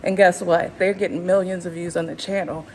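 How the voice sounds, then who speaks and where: A woman in her fifties, walking on a treadmill at the gym, vlogs for her YouTube channel without a script. She speaks a little fast in a lowish voice with little pitch movement, slightly winded, cheering viewers on emphatically amid background noise.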